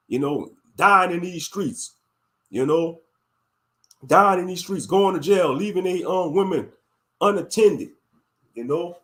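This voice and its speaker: High-pitched and a bit bright, this man delivers a heated, blunt rant as a YouTube commentator, returning again and again to his catchphrases.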